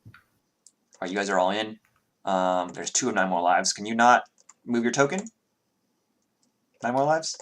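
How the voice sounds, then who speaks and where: A man running a tabletop game online as game master, relaxed and trailing off softly at times. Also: lowish voice, unhurried, pauses often.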